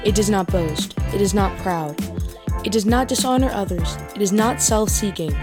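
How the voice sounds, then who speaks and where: A woman giving a calm, measured scripture reading. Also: medium pitch. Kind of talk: scripture reading over music. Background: loud music.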